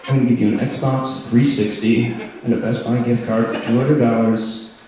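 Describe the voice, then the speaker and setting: A man's voice: mid-range voice, level tone, moderate pace, dark tone, voice pushed down, lightly acted. A man doing an impression of a brash male radio shock-jock who pushes guests with bribes, heard echoey and distant in a club. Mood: pushy, bribing.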